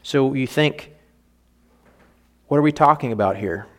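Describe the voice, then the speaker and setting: A man's voice: mid-range voice, measured pace, a bit bright. A man preaching a sermon, reading a story aloud and then explaining it in an earnest, rambling way. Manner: earnest, rambling, restarts mid-thought.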